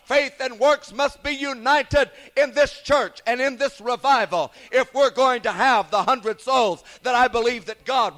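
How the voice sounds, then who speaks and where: A man preaching a revival sermon, emphatic, repeating "Praise God" and slowing down to stress scripture. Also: extremely high pitch, a bit bright.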